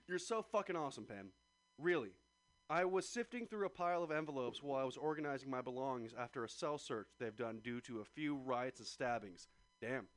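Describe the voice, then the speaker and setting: A man's voice: on the high side, dry recording. A man hosting a talk radio show, reading a letter aloud in a joking manner with swearing.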